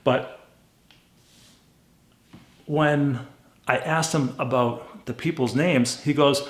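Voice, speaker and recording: Gravelly man telling a blunt story. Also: on the high side, a little slow. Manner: blunt, animated retelling with quoted dialogue. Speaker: car flipper vlogger. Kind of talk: casual storytelling. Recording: roomy echo.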